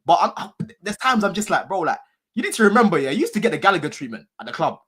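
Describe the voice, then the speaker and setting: A man's voice: sits high, sing-song, rapid-fire, bright, forceful tone, husky. A man, casually talking football on a fan podcast, slangy and given to swearing and repeating himself. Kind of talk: casual banter.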